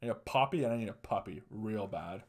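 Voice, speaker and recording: A young man hosts a podcast solo, ranting comedically with crude, profane jokes and laughing at his own punchlines. He talks fast and animatedly in a lowish, darkish voice.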